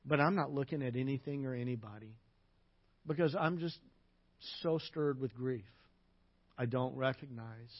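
A man preaching a sermon as pastor, telling personal stories, dropping to a hush in sad parts and acting out the people he quotes. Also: medium pitch, normal speed, pauses often, dull audio. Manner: personal storytelling, drops to a hush at sad moments and acts out quoted lines.

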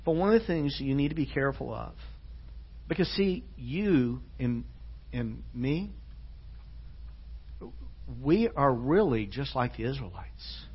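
A man preaching a sermon in a church. He is earnest, moving between hushed, soft passages and loud, emphatic ones. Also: mid-range voice, lively intonation, unhurried, pauses often, slightly rough. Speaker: pastor. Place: church sanctuary. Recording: dull lo-fi church recording.

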